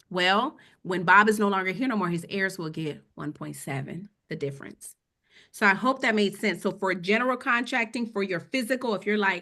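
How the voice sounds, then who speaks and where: Brisk and forceful, this woman's medium-pitched voice has a bright tone as she runs a relaxed webinar on finance. As a financial educator she keeps things conversational, repeatedly asking "okay?" to make sure listeners are following.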